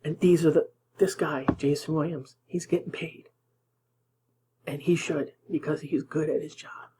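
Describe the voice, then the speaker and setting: A man's voice: on the high side, steady tone, unhurried, mellow, slight background noise, rough recording. A man hosting political commentary, reacting indignantly to news clips, sometimes dropping to a whisper for emphasis.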